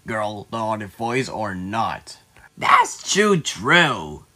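A man voicing an excitable cartoon character who bickers with a witch in an animated, squabbling way. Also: on the low side, extremely slow, crowd noise, heavily acted. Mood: bickering. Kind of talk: cartoon voice acting.

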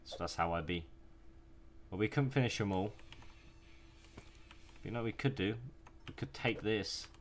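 A man's voice: fairly low pitch, unhurried, pauses often. A young man giving casual, profane gameplay commentary and taunting the enemies he hunts. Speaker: gaming YouTuber. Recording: music playing behind the voice.

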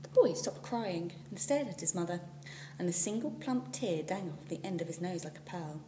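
A woman teacher reading a children's storybook aloud, expressive and at times dropping to a whisper. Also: lowish voice, normal speed. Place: school classroom. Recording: echoey room, far from the mic, faint hum.

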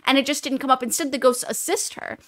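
A woman co-hosting a book podcast, recapping the plot in a rambling, animated way with lots of fillers. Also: sits high, quick pace. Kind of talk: casual book discussion.

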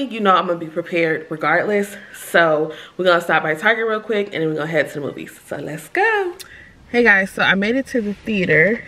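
A woman vlogger chatting casually to her viewers, upbeat and fast-talking, with slangy phrasing. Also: lowish voice, background noise. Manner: upbeat, chatty, uses slang like "giving vibes". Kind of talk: casual vlog chat to camera.

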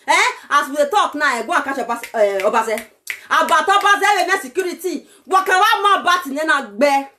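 A Nigerian woman with a Nigerian accent, delivering an impassioned political rant to her viewers, shouting and pleading. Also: sits high, animated, normal speed. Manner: shouting, pleading, breaks into laughter. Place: lives abroad in Europe.

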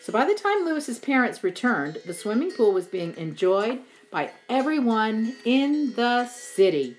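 A woman reading a children's storybook aloud in an expressive, unhurried way. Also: on the high side, soft background music, rough recording. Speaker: storybook reader.

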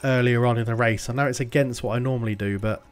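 Excitable man yelling at a game. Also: medium pitch, fast talker. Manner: excitable, swears and yells at the game. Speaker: gaming YouTuber. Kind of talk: game commentary.

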